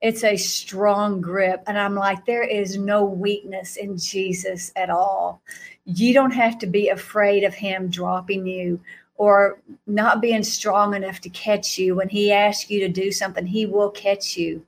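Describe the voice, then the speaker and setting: Speaking at a medium pitch and an unhurried pace, a female guest speaker tells of a vision in lively fashion. She acts out the quoted lines and laughs frequently.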